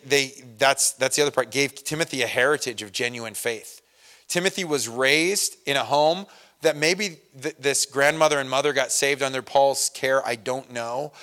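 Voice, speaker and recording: A man's voice: medium pitch, fairly bright tone. A middle-aged man pastor giving a conversational sermon, telling personal stories with self-deprecating humor and occasional laughs.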